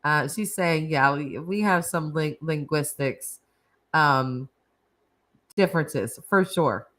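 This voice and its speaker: This American livestream host speaks in a deep voice at a slow pace, her tone fairly bright. She keeps things casual, laughing and chatting while responding to what viewers write.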